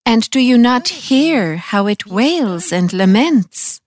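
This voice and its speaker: A woman reading the words of a gentle, compassionate male teacher who rebukes cruelty, in a solemn, measured way. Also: on the high side, animated. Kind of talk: scripture reading.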